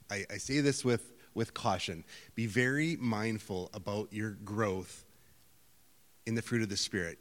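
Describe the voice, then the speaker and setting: A middle-aged man preaching a sermon in a conversational, self-deprecating storytelling manner, with lively outbursts. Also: fairly low pitch. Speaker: pastor. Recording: hall reverb.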